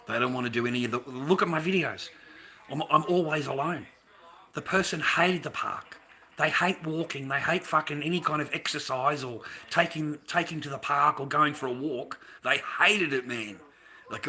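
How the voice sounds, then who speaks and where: A man's voice: on the high side, moderate pace, sharp tone. An Australian man and father ranting to camera in a heated, swearing monologue, calling the listener mate. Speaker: vlogger, father.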